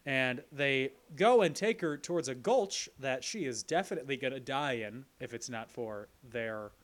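A man's voice: mid-range voice, normal speed. A man co-hosting a podcast, recapping a movie plot in casual chat with playful jokes. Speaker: podcast co-host.

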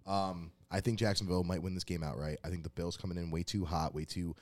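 A man's voice: low-pitched, fast, dry recording. A man co-hosting a casual sports betting podcast, joking and confident as he gives his picks. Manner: animated, jokey, confident. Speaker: co-host making sports picks.

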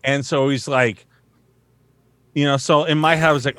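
Brief: casual man voice actor, mid-pitched, rambling with lots of fillers and swearing, dry close sound. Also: fairly even intonation, normal speed, fairly bright tone, no echo. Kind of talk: casual chat.

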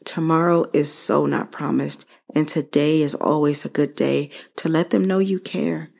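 A woman hosting her own show, speaking slowly and earnestly to listeners about losing her mother and how to grieve. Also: sits low, fairly even intonation, gravelly, a little mellow. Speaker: podcast host. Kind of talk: personal reflective monologue.

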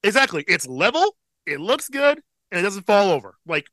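A man in his thirties co-hosting a casual podcast chat, relaxed and profane, with a slight tickle in his throat. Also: high voice, normal speed, dry recording. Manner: laid-back, profane, chuckles often. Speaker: podcast co-host.

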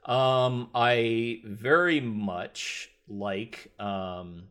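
A man's voice: medium pitch, steady tone, extremely slow, fairly bright tone, clear, resonant tone. A Canadian man co-hosting a TV recap podcast, rambling and joking in casual chat. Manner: rambling, jokey, trailing off and restarting. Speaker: podcast co-host.

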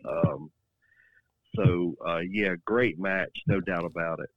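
Low-voiced man, muffled podcast audio. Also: takes it slowly, dry recording. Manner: relaxed, filler-heavy opinions. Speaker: podcast co-host. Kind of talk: casual chat.

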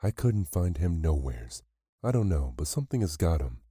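Sharp-tongued village woman, read by a man. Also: low voice, big pitch swings, normal speed, slightly rough, no room sound, clean studio sound, heavily acted. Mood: anxious. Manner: scornful, quivering.

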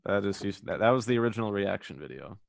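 A man's voice: lowish voice, expressive, fast talker, creaky, no echo, clean studio sound. A young man co-hosting a podcast, rambling and joking in casual chat and swearing now and then. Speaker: podcast co-host.

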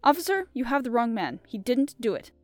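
A woman voicing a shrewd male professor detective in a read-aloud mystery, asking polite, measured questions. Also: a little high, sing-song, dry recording, soft background music. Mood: calm, inquiring.

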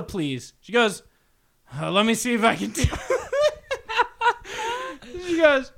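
A man's voice: sits high, very animated, normal speed, creaky, pauses often, fairly bright tone. A man co-hosting a casual podcast, telling a funny story with laughter and acting out both sides of the dialogue. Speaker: podcast co-host.

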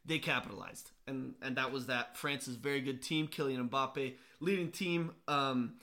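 A man's voice: medium pitch, normal speed, pushed and bright. A young man co-hosting a sports podcast, chatting enthusiastically and laughing often. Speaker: podcast co-host. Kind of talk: casual sports chat.

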